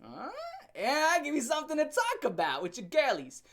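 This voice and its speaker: A man's voice: very high-pitched, wildly swooping pitch, normal speed, a bit bright. A young man vlogger telling a storytime rant in a brash, joking and crude way.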